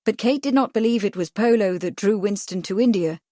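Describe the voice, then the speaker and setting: In a clean studio recording free of room sound, a woman with a mid-range voice reads a novel aloud. She is an audiobook narrator, and her scripted delivery stays even and measured.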